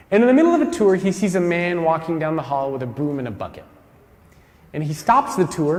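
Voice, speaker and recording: Male keynote speaker, somewhat high voice, animated storyteller, big reverberant hall. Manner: lively storytelling with acted-out quotes. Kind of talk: conference keynote talk. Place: large conference hall.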